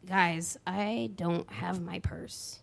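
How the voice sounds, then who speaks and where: A worried young woman falters in a lowered, hesitant voice, as a woman storyteller puts her on. She stumbles over her words. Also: steady tone, very slow, creaky, full character voice.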